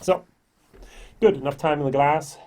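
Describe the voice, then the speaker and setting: A man's voice: a little high, steady tone, normal speed, a little mellow. A middle-aged man giving a casual whisky tasting review to camera, chatty and thinking aloud with lots of ums and self-corrections.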